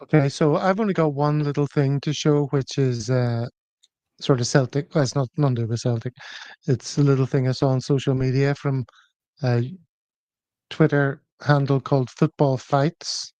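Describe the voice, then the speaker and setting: A man's voice: mid-range voice, fairly even intonation, normal speed, a little mellow, dry recording. A man hosting a casual football chat show, wry and chatty. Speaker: podcast host.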